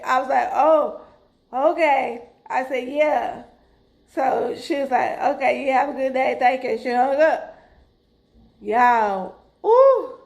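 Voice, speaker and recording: High-voiced woman telling a dramatic story. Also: gravelly. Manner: animated, dramatic, addresses viewers as "y'all". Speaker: vlogger. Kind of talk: casual storytelling to camera.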